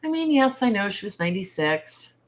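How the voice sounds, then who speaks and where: A woman's voice: mid-range voice, big pitch swings, brisk. A woman hosting a casual livestream from home, talking bluntly with exasperated, salty humor to her viewers. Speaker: livestream host.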